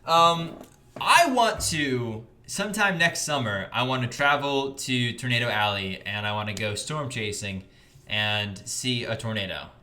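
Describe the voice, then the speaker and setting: Lively young American streamer. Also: male voice, a little slow, a little hiss or hum. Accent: General American. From United States. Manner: upbeat, jumps in pitch when greeting chatters. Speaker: livestream host. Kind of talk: casual livestream chat reading donations.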